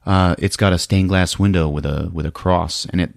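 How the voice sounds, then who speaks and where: A man hosting a podcast, casually recapping a film in an animated way, laughing often and acting out the lines. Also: low voice, moderate pace, creaky, no echo, studio quality. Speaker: podcast host.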